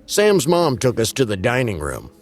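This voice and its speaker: A man reading a spooky story aloud in steady storytelling narration. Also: mid-range voice, normal speed, soft background music.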